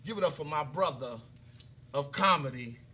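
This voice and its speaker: A man hosting a casual talk show, lively, hyped-up and affectionate. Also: on the high side, moderate pace, slight background noise. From Houston. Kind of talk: casual chat.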